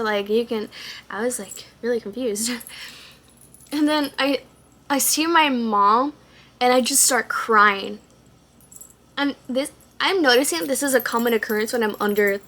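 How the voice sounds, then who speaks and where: A young woman vlogger with a Texan accent chats through a storytime in casual slang, swearing now and then. Her voice sits a little high and sounds bright and forceful. She acts out the voices of other people as she goes. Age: young adult.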